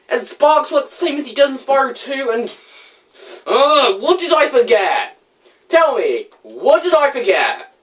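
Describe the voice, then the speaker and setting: A woman's voice: on the high side, big pitch swings, normal speed. A woman giving a casual video game review, sarcastic and ranting, full of rhetorical questions and exasperated asides.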